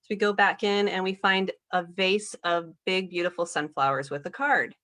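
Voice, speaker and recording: A young woman with a slightly low voice speaks as a guest in a relaxed podcast chat. She sounds earnest and lets out small soft laughs as she goes. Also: normal speed. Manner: earnest, laughs softly while retelling. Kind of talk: casual podcast conversation.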